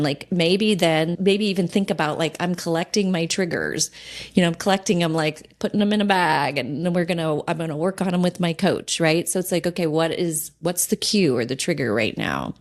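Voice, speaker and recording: Low-pitched woman coaching on a podcast, calm and reassuring, acts out the inner voice now and then. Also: moderate pace. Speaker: sobriety coach and podcast host.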